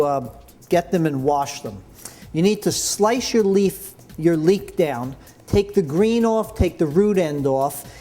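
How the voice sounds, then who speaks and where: Upbeat guy running a cooking class, bit high voice, loves everything he makes. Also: mellow. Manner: enthusiastic, chatty, full of praise. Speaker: cooking instructor. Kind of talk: cooking demonstration. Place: kitchen.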